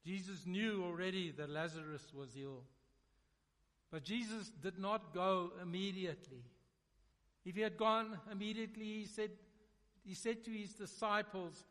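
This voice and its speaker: A man preaching a sermon, dramatic, swinging between loud emphasis and hushed, quiet lines. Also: high-pitched, normal speed. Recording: long reverb of a large hall.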